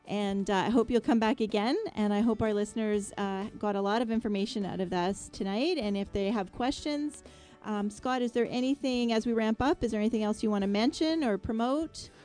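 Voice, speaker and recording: A woman's voice: medium pitch, fairly quick, darkish tone, soft background music. A woman hosting a casual radio talk show, chatting and rambling with many fillers. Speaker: radio show host, landscape designer.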